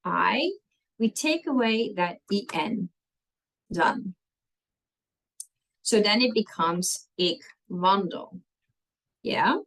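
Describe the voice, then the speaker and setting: In a low-quality recording, a woman with a medium-pitched voice teaches a language lesson. She patiently takes her students through spelling rules one step at a time, frequently pausing to ask "okay?".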